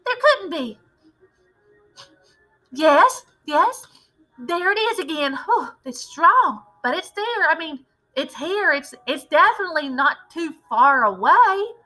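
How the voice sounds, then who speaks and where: Shrill, bright storybook witch, frantic and sniffing, read by a woman. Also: very animated, slow pace, soft background music, full character voice, rough recording. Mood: alarmed. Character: shrill shrieking female witch Mildred, alarmed.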